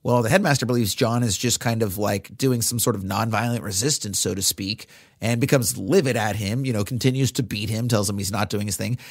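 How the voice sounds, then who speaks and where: A man's voice: lowish voice, a little fast, no room sound, studio quality. A male podcast co-host casually recapping a film scene by scene, with many fillers.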